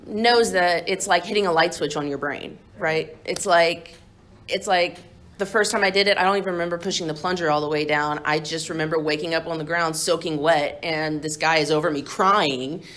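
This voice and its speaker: A woman's voice: lowish voice, a bit bright, a little hiss or hum. A young woman candidly telling her own recovery story to a group, blunt and profane and laughing often. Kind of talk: candid personal testimony to a group.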